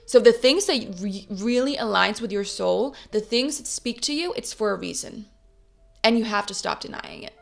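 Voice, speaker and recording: A woman's voice: mid-range voice, normal speed, creaky, soft background music. A woman in her twenties, a vlogger, talking casually and upbeat to camera with motivational pep-talk energy and casual swearing. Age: 20s.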